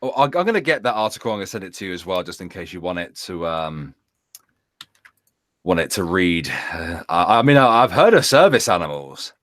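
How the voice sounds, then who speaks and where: Animated man co-hosting, dry sound. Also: sits low, fairly quick, no echo. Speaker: co-host. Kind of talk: casual chat.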